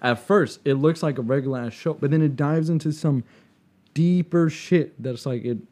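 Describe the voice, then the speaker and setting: A man chatting casually as co-host, laid-back, often trailing off quietly, with swearing. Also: a little high, normal speed. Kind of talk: casual chat.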